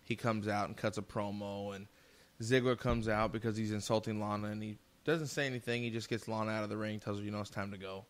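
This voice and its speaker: A man's voice: fairly low pitch, steady tone, fast. A man co-hosting a podcast who insists on his point and repeats it in casual chat. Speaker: podcast co-host.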